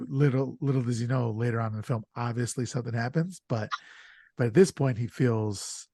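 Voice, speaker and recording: Excitable, swearing man, dry close sound. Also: medium pitch, a little fast, dry recording. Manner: excitable, profane storytelling with lots of fillers. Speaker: podcast host. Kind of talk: casual chat.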